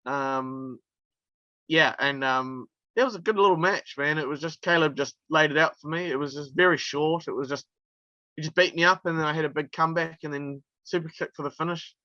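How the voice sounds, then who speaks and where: A man's voice: a little high, brisk, pushed and bright, no room sound, lo-fi sound. A male wrestler from New telling stories in a casual interview, chatty and laughing through his anecdotes with plenty of fillers. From New Zealand.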